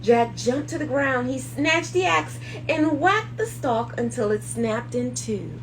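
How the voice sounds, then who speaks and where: A woman hosting children's circle time, reading a storybook aloud slowly and expressively, hushed at calm moments. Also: high voice, a little hiss or hum, low-quality recording.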